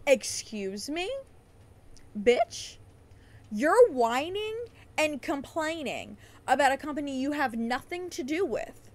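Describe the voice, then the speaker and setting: A woman's voice: sits high, big pitch swings, slow. A woman hosting a podcast, ranting in a heated, sarcastic way and swearing often. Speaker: podcast host. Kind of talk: casual profane rant.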